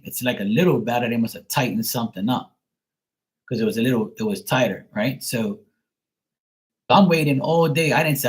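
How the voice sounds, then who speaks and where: A man hosting a live tarot stream, chatting casually and telling a rambling, animated story, full of "you know" and "like". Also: mid-range voice, a little fast, pauses often, low-quality recording.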